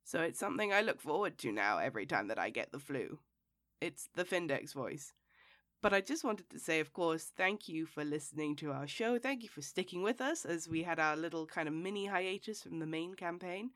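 A woman with a hoarse, raspy voice from being sick hosts a tabletop game podcast. She talks in a chatty, thankful way and often repeats her words for emphasis. The rough tone carries through the whole read. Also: sits low, lively intonation, a little fast, fairly bright tone, dry recording, studio quality. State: hoarse from illness. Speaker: game master and host. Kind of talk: podcast intro and sponsor read.

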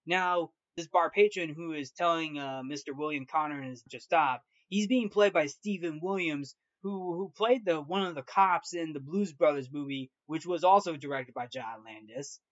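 A man's voice: on the high side, normal speed, few pauses, a bit bright, dry recording. A man hosting a movie review show, recapping a film in a casual, rambling way with many restarts and fillers. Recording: dull lo-fi, dry sound.

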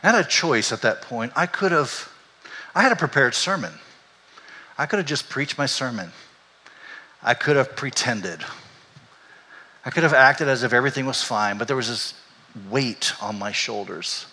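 An older man, a pastor, telling a candid and emotional personal story in a sermon, animated as he goes. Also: mid-range voice, normal speed, pauses often. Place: church sanctuary. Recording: echoey hall.

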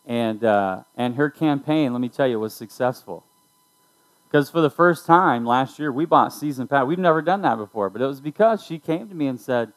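A man's voice: medium pitch, animated, normal speed, poor audio. Man preaching casually to students. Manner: conversational, storytelling, addressing listeners directly. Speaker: youth pastor. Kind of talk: sermon to students.

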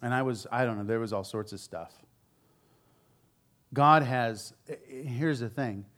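Preaching a sermon, this man tells the story in a frank, conversational style, dropping candid asides along the way. His delivery swings from loud emphasis to hushed, low comments, and he speaks a little slowly.

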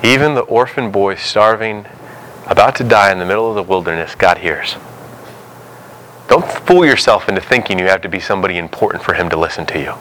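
Bright-voiced preacher man. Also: deep voice, a little fast, slight background noise, low-quality recording. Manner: animated storytelling, acts out biblical dialogue. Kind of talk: sermon.

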